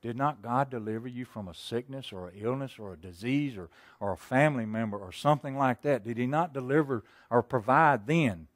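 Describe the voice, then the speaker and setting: A man preaching in a folksy, storytelling way, full of rhetorical questions. His voice sits at an ordinary middle pitch and rises loud, then drops to near a murmur. The sound is dry and close. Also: brisk, few pauses, no room sound. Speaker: pastor. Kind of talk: sermon.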